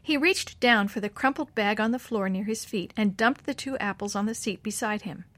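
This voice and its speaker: A woman narrating a chapter book for children in a warm, expressive, slow and clear way. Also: mid-range voice, dry recording. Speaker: children's storyteller.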